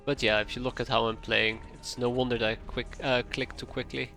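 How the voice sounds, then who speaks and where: A man's voice: mid-range voice, little pitch movement, gravelly, bright, forceful tone. Chatty man narrating his gameplay. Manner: chatty, talks to himself while playing, quick asides. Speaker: game streamer. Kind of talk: casual live gameplay commentary. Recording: faint game music behind.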